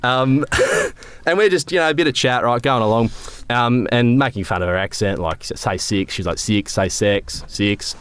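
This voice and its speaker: A man's voice: mid-range voice, normal speed, a bit bright, clear, resonant tone. A young Australian man, a club captain, telling stories with a laugh in a casual podcast chat. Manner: laid-back storyteller, laughs often. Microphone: podcast microphone.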